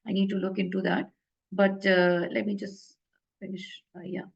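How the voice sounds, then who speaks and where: A woman's voice: mid-range voice, little pitch movement, normal speed, gravelly, slightly rough, dull audio. A woman teaching an Arabic grammar lesson in a casual, hesitant way, full of fillers and self-corrections.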